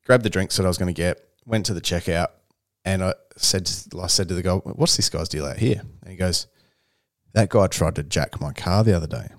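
A young Australian man tells a story in a relaxed, chatty way, acting out the people in it as he goes. His voice sits on the low side. The sound is dry and close, with no room around it. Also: fairly quick, no echo. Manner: animated storyteller who acts out other people's voices. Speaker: podcast co-host. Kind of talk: casual storytelling chat.

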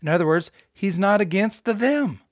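A middle-aged man giving an informal, conversational Bible teaching with emphatic rhetorical questions and bursts of excitement. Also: high voice, moderate pace, no room sound, studio quality. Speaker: podcast host teaching scripture.

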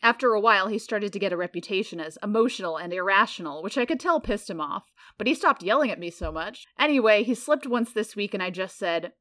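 A woman's voice: medium pitch, lively intonation, quick pace, hardly any pauses, pushed and bright. Woman, podcast co-host, reads aloud, wry, amused tone. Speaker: podcast co-host reading a forum post. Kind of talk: reading aloud with casual chat.

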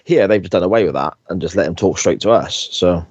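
A man's voice: low-pitched, fast talker, darkish tone, breathy edge, no room sound, muffled recording. A man co-hosting a podcast, chatting casually and laughing easily, with frequent tag questions. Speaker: podcast co-host. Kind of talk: casual chat reviewing a TV episode.

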